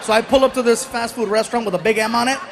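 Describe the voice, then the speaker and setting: A man doing stand-up comedy, telling stories in an animated, playful way and slipping into voices. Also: very high-pitched, very fast, creaky, background noise. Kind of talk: stand-up storytelling.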